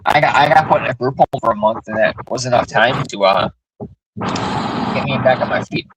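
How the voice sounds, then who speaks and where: A man's voice: mid-range voice, a little fast, background noise. A man hosting a livestream, telling blunt, profane stories in casual chat. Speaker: livestream host.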